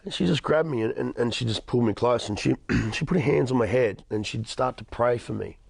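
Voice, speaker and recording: A man's voice: medium pitch, a little fast, vocal fry, darkish tone, slightly rough, no room sound, studio quality. A man in his thirties with an Australian accent, giving an emphatic personal testimony as an interview guest, often repeating words and restarting. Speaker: interview guest, motivational speaker.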